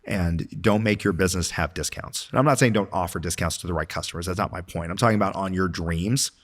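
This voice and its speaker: Brief: middle-aged businessman guest, very low voice, earnest pep-talk delivery, long hall reverb. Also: fast. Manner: earnest, motivational, filler-heavy. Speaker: podcast guest, business owner. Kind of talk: casual interview talk.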